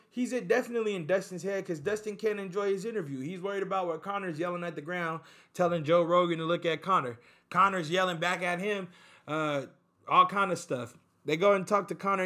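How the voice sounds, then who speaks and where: Man, sports host, casual recap, rambling and chatty, fairly high pitch. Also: a bit bright. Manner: chatty, rambling, frequent fillers and restarts.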